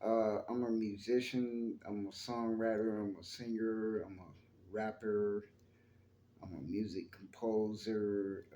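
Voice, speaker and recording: The YouTube channel host speaks on the low side with a dark tone, in an echoey room with a bit of hiss or hum. He chats casually and at length to viewers about his faith.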